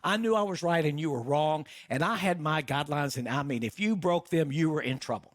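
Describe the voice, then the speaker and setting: Impassioned middle-aged pastor preaching. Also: male voice, a little high, brisk, dry recording, studio quality. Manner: impassioned, rhetorical questions, voices doubts. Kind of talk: sermon.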